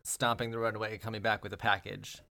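Playful gravelly game master. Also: mid-range voice, level tone, fairly quick, bright, forceful tone. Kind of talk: tabletop game narration.

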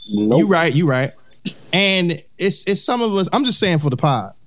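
A man's voice: on the high side, big pitch swings, normal speed, fairly bright tone. Emphatic man preaching on a podcast. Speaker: podcast co-host. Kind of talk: casual podcast chat.

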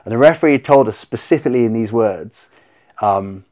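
Guesting on a podcast, this man chats casually and tells lively stories, cursing freely and performing his own reactions. His voice sits at medium pitch, and his delivery is brisk.

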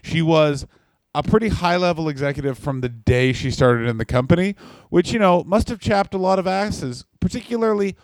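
A man co-hosting a comedy podcast, trading wry deadpan asides and explaining backstory at length. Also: a little high, normal speed, no room sound. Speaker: podcast co-host. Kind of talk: casual comedic podcast chat.

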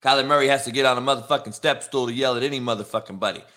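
A middle-aged former coach hosting a show launches into a profane live-stream rant, brash and mocking toward commenters. His mid-range voice races along, bright and forceful.

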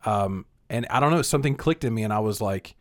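A man with a light Southern accent rambles through a casual podcast chat. He leans heavily on filler words and slips in wisecracks. His voice is fairly low and sounds dry and close. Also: expressive, fast talker, dry recording. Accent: slight Southern US.

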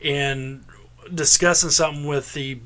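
A man with a Southern US drawl rambles through loose podcast banter, laughing and cursing as he goes. His voice sits a bit high and rings bright and forceful. He jumps from thought to thought without much of a plan. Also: steady tone, a little slow. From American South. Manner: rambling, laughs often, swears freely. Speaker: podcast co-host. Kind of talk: casual chat.

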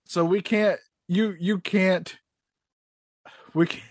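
A man's voice: high voice, fairly even intonation, slow, no echo, clean studio sound. A man co-hosting a podcast in casual chat, teasing and laughing often. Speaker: podcast co-host.

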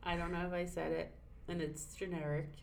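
A woman co-hosting a casual podcast, open-hearted and quick to laugh or get emotional. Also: lowish voice, little pitch movement, creaky, slight background noise. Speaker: podcast co-host. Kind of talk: casual chat.

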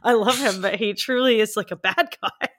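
A woman's voice: medium pitch, moderate pace, fairly bright tone. A woman co-hosting a podcast, chatting casually about a movie in a rambling way, with lots of fillers. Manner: rambling, many "like" fillers, frequent laughter. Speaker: podcast co-host. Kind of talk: casual movie review chat.

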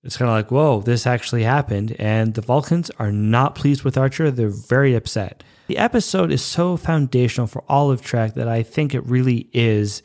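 A man's voice: mid-range voice, normal speed. A man hosting his own solo podcast, talking eagerly and playfully, loosely acting out characters' lines as he retells a story. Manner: animated, playful, acts out quotes loosely. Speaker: podcast host. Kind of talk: enthusiastic solo podcast talk.

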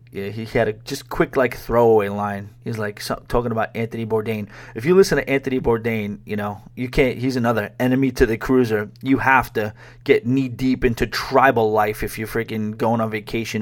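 A man hosting a podcast, talking in a rambling, animated way with fillers and restarts. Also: lowish voice, moderate pace. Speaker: podcast host. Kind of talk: casual chat.

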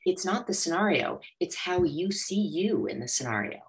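A woman who is a money coach, speaking as a guest in an interview and acting out inner voices with animated energy. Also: lowish voice, normal speed. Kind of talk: motivational interview talk.

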